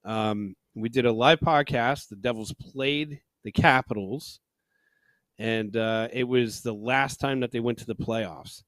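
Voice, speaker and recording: A man's voice: mid-range voice, measured pace, fairly bright tone, no echo. A man co-hosting a sports podcast, chatting casually and rambling, with jokey asides. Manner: rambling, jokey, drops into silly voices. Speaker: podcast co-host.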